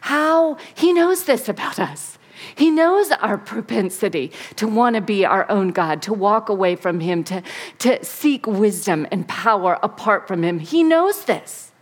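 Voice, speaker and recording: A woman pastor preaching a sermon, dramatic and swinging between soft and emphatic. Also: mid-range voice, lively intonation, a little slow.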